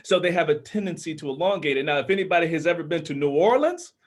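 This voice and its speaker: A man's voice: fairly high pitch, animated, quick pace. A man from Minnesota, an author and audiobook narrator, explaining his craft earnestly in casual panel chat, with a tenor voice and many restarts.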